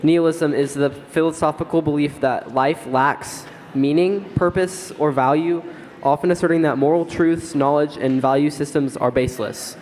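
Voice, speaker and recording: A man's voice: on the high side, fairly even intonation, moderate pace, darkish tone. A young male guest on stage, explaining a topic hesitantly, with ums and restarts. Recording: hall reverb with faint noise.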